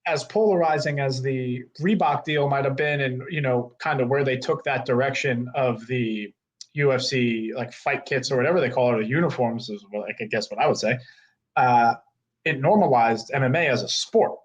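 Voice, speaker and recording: A man in his thirties, a guest telling a story in casual, animated chat, full of "like" and casual swearing. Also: medium pitch, normal speed, dull audio. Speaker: guest, co-owner of a fight-gear retailer.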